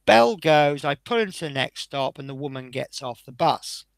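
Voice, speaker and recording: Fields. Sex: man. Role: streamer. Style: casual anecdotal chat. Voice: gravelly, somewhat high. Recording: dry. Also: expressive, normal speed, no room sound. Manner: chatty anecdotal storyteller, reads out chat. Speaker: streamer building a model bus.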